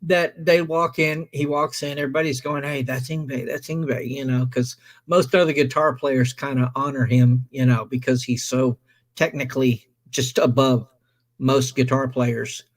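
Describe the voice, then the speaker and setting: A man's voice: medium pitch, normal speed. A man hosting a stream, casually telling a long anecdote and acting out the people in it. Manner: animated anecdote teller, acts out quoted voices. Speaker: stream host. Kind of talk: casual storytelling.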